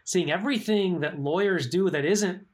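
A middle-aged man talking as an interview guest, telling his career story in lively fashion and acting out quoted voices. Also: high voice, normal speed. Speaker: guest, legal operations professional. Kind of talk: conversational interview.

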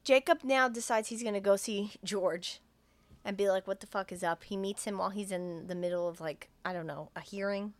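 A woman's voice: mid-range voice, a little fast, no room sound. A woman hosting a podcast, casually recapping a movie plot in a chatty, profane way with acted-out dialogue. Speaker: podcast host.

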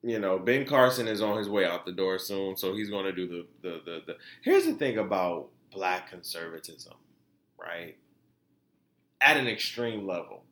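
A man hosting a podcast, giving animated, profane commentary and laughing often. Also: sits low, moderate pace, reverberant. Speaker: podcast host. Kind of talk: casual commentary.

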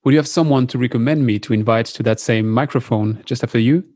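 A man with a French accent hosting a podcast, speaking in a friendly, polite and slightly halting way. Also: mid-range voice, mellow, dry recording, studio quality. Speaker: podcast host. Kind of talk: casual interview talk.

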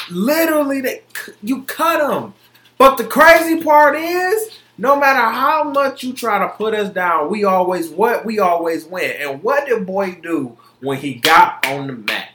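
A young man hosts his own podcast in a heated, profane rant. His voice sits high and sounds bright and forceful. The recording carries a roomy echo. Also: lively intonation, measured pace. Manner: heated, profane, emphatic, repeats himself. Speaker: podcast host. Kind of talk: solo opinion podcast rant.

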